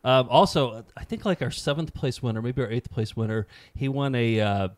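A man's voice: medium pitch, moderate pace, no echo. A man co-hosting a casual show, talking loosely with lots of ums and restarts. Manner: loose, rambling, full of fillers. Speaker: co-host. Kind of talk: casual banter. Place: office.

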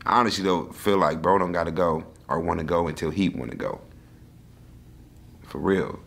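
Gravelly husky man hosting a podcast. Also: sits low, moderate pace, a bit bright. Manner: blunt, laughs often, reacts to the guest. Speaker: podcast host. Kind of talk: casual podcast chat.

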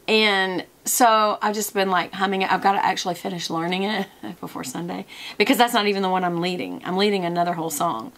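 A woman chats to camera from her desk in a loose, rambling vlog, drifting from one tangent to the next. Her voice sits at an ordinary middle pitch, easy and conversational, with plenty of ums along the way. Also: brisk, fairly bright tone. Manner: chatty, wanders off on tangents, many fillers. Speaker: product review vlogger.

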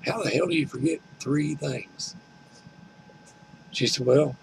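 Older man with a gravelly voice, telling a folksy, complaining home-vlog story. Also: a little high, takes it slowly, long pauses, background noise. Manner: folksy, complaining, retells conversations. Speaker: vlogger. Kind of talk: rambling storytelling.

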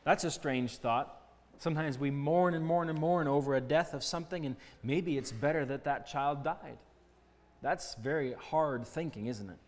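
A man's voice: on the high side, moderate pace. Man, pastor type, children's Bible lesson, earnest, asks the kids questions, recorded in a hall with reverb. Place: church hall. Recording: long church-hall reverb.

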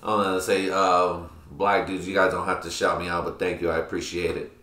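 Young male podcast host, low-pitched, crude and rambling, recorded in an echoey room. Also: little pitch movement, fairly quick, pushed and bright. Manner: crude, rambling, laughing at own jokes. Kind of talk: casual solo podcast rant. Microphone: computer mic.

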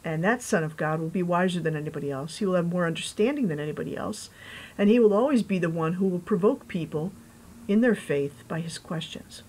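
A woman pastor giving a conversational sermon, reading scripture and adding chatty, animated asides. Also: on the low side, fairly quick, poor audio.

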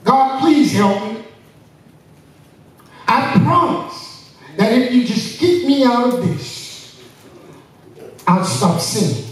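A preacher doing a frantic man yelling from a cliff. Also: extremely high pitch, sing-song, a little slow, pitched above the performer's own voice, full character voice. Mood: pleading. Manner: desperate pleading yells. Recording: echoey church from far off.

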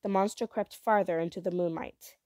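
Woman reading a book aloud, gentle even storytelling, mellow voice, dry close sound. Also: lowish voice, fairly quick, dry recording. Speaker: reader.

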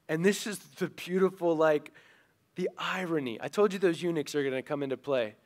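A man preaching a sermon, retelling a story in a lively, animated way and acting out the characters' lines. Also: fairly high pitch, moderate pace. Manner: animated, acts out quoted characters. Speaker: pastor.

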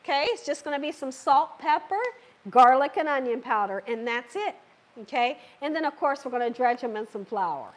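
A woman's voice: high-pitched, animated, normal speed. A woman hosting a live cooking stream, chatting with viewers and reading their comments, her voice a little worn. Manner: chatty, laughs often, reads viewer comments aloud. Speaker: cooking show host. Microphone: wearing a microphone.

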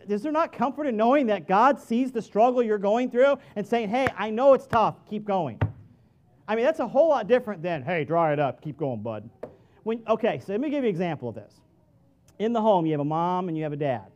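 A middle-aged male pastor giving a conversational sermon in a church, moving between quiet asides and loud, emphatic peaks. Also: high-pitched, expressive, fast, lo-fi sound. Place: church sanctuary.

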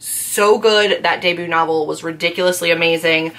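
A woman's voice: fairly low pitch, fairly even intonation, moderate pace, a bit bright. A young woman hosting a casual book vlog from home, gushing with enthusiasm about her favorite reads. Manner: gushing, enthusiastic, lots of "like" and "so amazing". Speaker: booktuber host.

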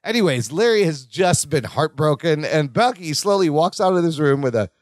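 A man co-hosting a podcast, chatting through a sitcom recap with short agreeing remarks and direct words to the listeners. His voice sits a little higher than most men's. The sound is close and dry. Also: lively intonation, no echo. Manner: chimes in with quick agreeing remarks. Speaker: podcast co-host. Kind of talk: casual chat recapping a sitcom episode.

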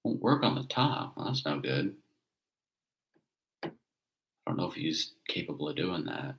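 A man hosting a casual livestream, answering viewer questions in a relaxed, rambling way. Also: a bass voice, unhurried, vocal fry, long pauses, low-quality recording. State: hiccups. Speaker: livestream host.

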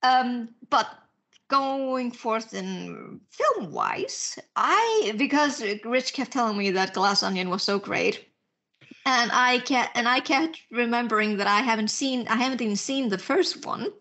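A woman with a high voice co-hosts a podcast in loose, casual chat. She swears freely, laughs often, and pads her talk with fillers. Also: expressive, a little slow, pushed and bright. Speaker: podcast co-host. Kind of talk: casual chat about books and films.

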